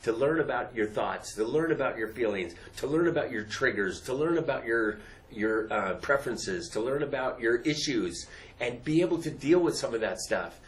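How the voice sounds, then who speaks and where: A man's voice: medium pitch, animated, normal speed, low-quality recording. A man hosting a talk on emotional skills, speaking in an earnest, repetitive way and laughing lightly between points. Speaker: host. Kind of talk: casual explanatory talk.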